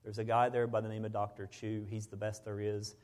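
A middle-aged man, a preacher, telling a personal story in a sermon, swinging between loud bursts and hushed moments. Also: fairly low pitch, flat delivery, brisk.

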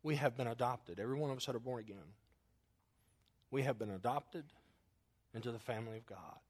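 A man preaching a sermon and telling a family story in a folksy way, moving between loud emphasis and quiet, hushed lines. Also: mid-range voice, brisk, breathy edge. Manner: acts out quotes in his story. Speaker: pastor.

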